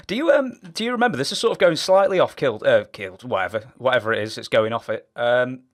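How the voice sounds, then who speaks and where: A man's voice: mid-range voice, lively intonation, quick pace. Chatty man asking questions. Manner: chatty, rambling questions with many fillers. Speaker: interview host. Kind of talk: casual interview.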